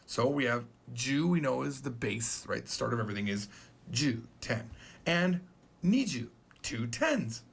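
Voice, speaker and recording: A man's voice: mid-range voice, lively intonation, measured pace, creaky, breathy edge. A man teaching a casual Japanese numbers lesson, playful and joking as he goes.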